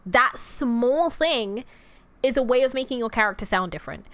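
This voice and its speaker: A woman's voice: on the high side, animated, moderate pace, fairly bright tone. A young adult woman streamer chatting casually, with a rambling, self-interrupting delivery and easy laughter. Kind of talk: casual livestream chat.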